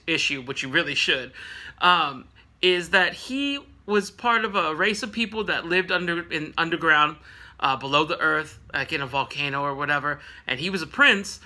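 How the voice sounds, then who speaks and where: A man's voice: high-pitched, bright, forceful tone. A young man hosting his own show, casually recapping a comic book issue in a slangy, laid-back way and briefly acting out the characters' lines.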